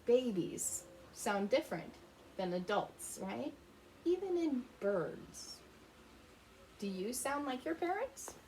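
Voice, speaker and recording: Lively woman reading aloud to kids. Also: a little high, slow, a little hiss or hum. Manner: animated, gently questioning, imitates animal sounds. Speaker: children's teacher reading a picture book. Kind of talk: storybook read-aloud for young children. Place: her home.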